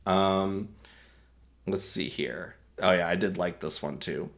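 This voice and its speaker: A man's voice: low voice, slow. A man hosting a casual screen-recorded tutorial, explaining step by step in a rambling, self-correcting way and chuckling at his own remarks. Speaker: host demonstrating an AI video tool.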